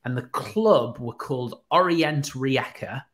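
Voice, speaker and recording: A man's voice: medium pitch, measured pace. Chatty man telling stories. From Teesside, England. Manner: animated storyteller, acts out quoted voices. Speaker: radio presenter, podcast guest. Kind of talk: casual anecdotal chat.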